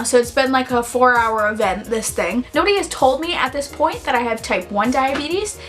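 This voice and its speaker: A young woman tells her own story in a relaxed, casual vlog. Her voice sits high, and she talks in an animated, chatty way with plenty of "like". Soft music plays quietly underneath. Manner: chatty, animated, heavy use of "like". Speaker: vlogger.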